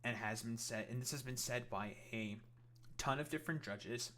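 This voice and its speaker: A man's voice: medium pitch, moderate pace, fairly bright tone. A man ranting in a reaction commentary, profane and rambling with many fillers.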